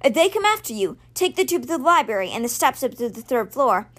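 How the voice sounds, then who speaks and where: A woman's voice: high voice, sing-song, a little fast, a bit bright, exaggerated voice. A woman reading the lines of an earnest young male leader from a storybook, in her own voice.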